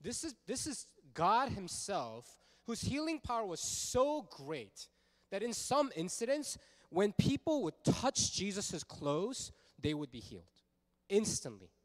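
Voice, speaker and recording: A man preaching a sermon as pastor, telling a story in a casual, animated way with lots of fillers. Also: high-pitched, unhurried, in a large hall.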